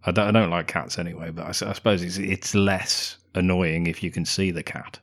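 A man's voice: low voice, steady tone, brisk. A British man co-hosting a podcast, chatting casually about a film, swearing, laughing a lot and mocking it. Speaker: podcast co-host. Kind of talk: casual film-review chat.

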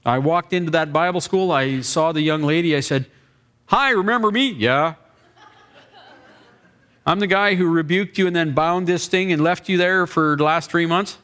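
A man who is a pastor telling a deliverance-prayer story in a sermon, acting out the dialogue with lively asides. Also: on the high side, moderate pace, clear, resonant tone.

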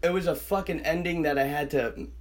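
A man's voice: on the high side, brisk. A young man telling a wild story in casual chat, swearing constantly and acting out the voices of the people in it. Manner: animated, swears constantly, acts out quoted voices. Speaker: podcast guest storyteller.

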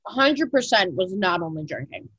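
A woman's voice: mid-range voice, animated, normal speed, a bit bright, husky, dry recording, lo-fi sound. A young woman co-hosting a podcast in casual chat, talking loosely with lots of "like" fillers and casual swearing. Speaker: podcast co-host.

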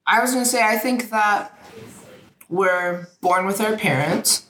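A woman in her thirties co-hosting a casual podcast chat, telling stories in an animated, joking way. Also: mid-range voice, a little slow. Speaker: podcast co-host. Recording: echoey room with faint noise.

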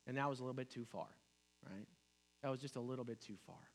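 A man's voice: mid-range voice, fast, creaky. A man preaching a sermon, retelling a Bible story in casual words, asking his listeners questions and acting out the quoted lines. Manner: retells scripture conversationally, asks the listeners questions; acts out quoted lines with dropping and rising voice. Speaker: pastor.

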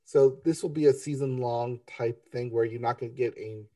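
Mellow-voiced man, off-mic podcast chat. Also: medium pitch, fairly even intonation, normal speed, no echo, far from the mic. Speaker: podcast co-host reviewing TV. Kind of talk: casual chat.

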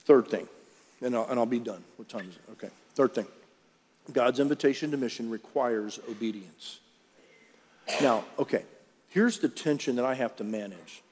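A man's voice: medium pitch, moderate pace, husky. Man preaching in a reverberant hall. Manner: conversational preaching, asks the room questions. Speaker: pastor. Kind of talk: sermon. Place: large church auditorium. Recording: reverberant hall with faint music.

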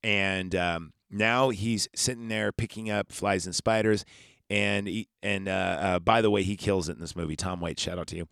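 A man's voice: deep voice, steady tone, moderate pace, vocal fry, fairly bright tone, no echo, clean studio sound. A man recapping a movie on a podcast in a casual, rambling, profane and jokey way. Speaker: podcast host.

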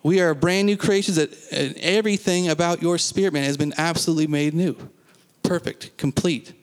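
A man's voice: a little high, fairly even intonation, brisk, long reverb tail. A man preaching a sermon to a congregation, emphatic, repeating phrases and asking the listeners questions. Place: church.

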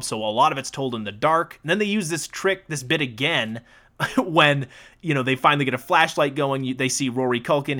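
A man's voice: mid-range voice, pushed and bright. A man co-hosting a casual movie podcast, recapping scenes in a loose, profane way and laughing often. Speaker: podcast co-host.

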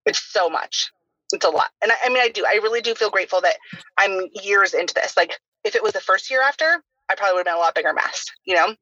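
A woman in her thirties talks quickly on a casual podcast, her voice bright and forward. She keeps dropping "like" between her thoughts. The sound is dull and lo-fi. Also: medium pitch, breathy edge, dry recording. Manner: chatty, heavy use of "like" fillers. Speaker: podcast host.

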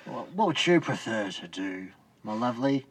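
A man's voice: mid-range voice, very animated, moderate pace, slightly rough, voice pushed down. A man voicing a fussy, doting posh mother with a mock British accent in an improvised comedy podcast. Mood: coaxing. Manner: gushing, fluttery posh tone.

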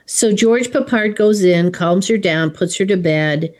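A woman's voice: mid-range voice, unhurried. A woman co-hosting a casual chat, retelling a film scene by scene and quoting its lines.

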